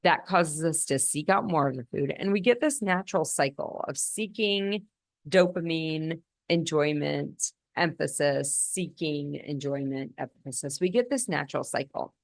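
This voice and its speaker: A woman physician hosting a podcast, explaining nutrition in a measured, teaching manner with some restarts. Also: deep voice, creaky, no room sound, studio quality. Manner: explanatory, with frequent restarts and slow emphasis. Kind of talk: educational talk on nutrition.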